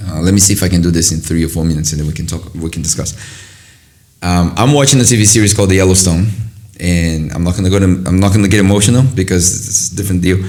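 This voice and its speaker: A man's voice: low voice, darkish tone. A middle-aged man hosting a casual conversation, earnest and rambling, often restarting his sentences as he reflects. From from another country. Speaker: host.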